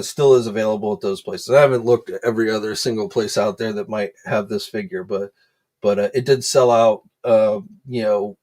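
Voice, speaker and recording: A man hosting a casual livestream, chatting in a relaxed way with plenty of "um"s and "uh"s and greeting viewers by name. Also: fairly low pitch. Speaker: host of an action figure news livestream. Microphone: desk microphone.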